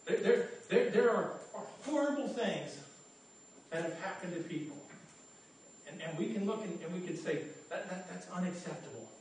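A man's voice: high voice, lively intonation, moderate pace, darkish tone, a little hiss or hum. A man preaching a sermon as pastor, earnest and conversational, often repeating his first words as he goes. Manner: stammering repetitions, earnest and conversational. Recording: echoey room from far off.

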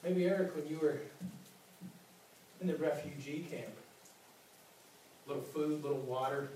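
A pastor preaches a sermon earnestly in a large church hall, frequently repeating his words. His voice is a little high and dark in tone at a measured pace, picked up by a distant mic in a very echoey space with slight hiss or hum.

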